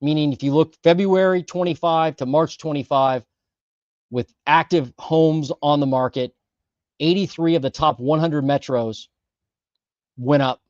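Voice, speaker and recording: A man's voice: a little high, a little mellow, no echo. A man walking through housing market numbers, stressing and repeating key figures as he goes. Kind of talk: data walkthrough commentary. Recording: dry, slightly dull sound.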